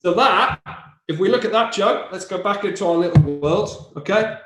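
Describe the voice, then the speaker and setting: A man's voice: sits high, moderate pace, music in the background. A man teaching stand-up comedy, explaining how jokes work and acting out silly little voices. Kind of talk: explaining joke structure, live online session. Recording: echoey room.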